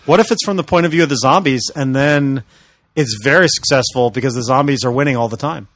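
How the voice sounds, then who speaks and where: A man chatting casually on a podcast, making quick sardonic remarks. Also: medium pitch, a bit bright, no echo, clean studio sound. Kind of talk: casual chat.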